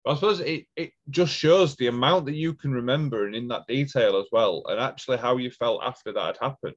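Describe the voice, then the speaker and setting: A man with a voice of middling pitch hosts a podcast interview. He mostly offers brief acknowledgements and reflective comments, and the recording sounds slightly dull and lo-fi. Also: a little fast. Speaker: podcast host. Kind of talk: interview conversation.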